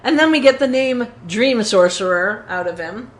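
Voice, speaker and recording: A woman's voice: on the high side, moderate pace. Chatty woman recapping a TV episode. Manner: animated retelling with quoted lines. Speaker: podcast co-host. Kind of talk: casual recap chat.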